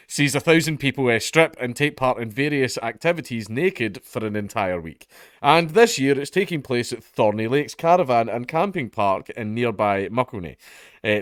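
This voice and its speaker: A man's voice: medium pitch, a bit bright, no echo. Sardonic Scottish man, dry close mic. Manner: sardonic, swears freely, laughs at his own jokes. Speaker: commentary vlogger. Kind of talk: casual comedic news commentary.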